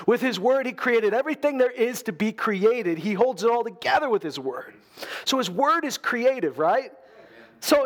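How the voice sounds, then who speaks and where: A man preaching a sermon as pastor, often repeating his words and asking his listeners questions. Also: high-pitched. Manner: repeats words and phrases for emphasis; asks the congregation rhetorical questions.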